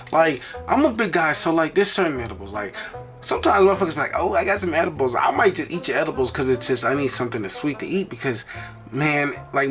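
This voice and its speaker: A man hosts a reaction video, riffing in a loose, profane way. His pitch swings widely as he talks. Faint music plays underneath. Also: fairly bright tone. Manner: loose, profane, joking asides. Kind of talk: casual reaction commentary.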